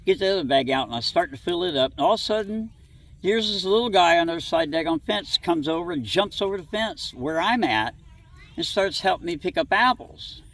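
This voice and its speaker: A man's voice: fairly high pitch, a bit bright. A middle-aged man from southwest Ohio telling a childhood story in an interview, folksy and rambling, acting out bits of dialogue. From southwest Ohio, USA. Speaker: interviewee recounting childhood encounters. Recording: distant mic, faint background noise.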